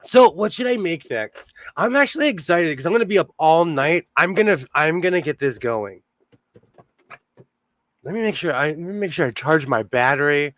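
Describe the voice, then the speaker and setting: A man's voice: fairly high pitch, animated, moderate pace, a bit bright, dry recording. A middle-aged man hosting a sewing livestream, chatting casually with viewers, laughing often and answering their comments. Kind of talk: casual live-stream chat.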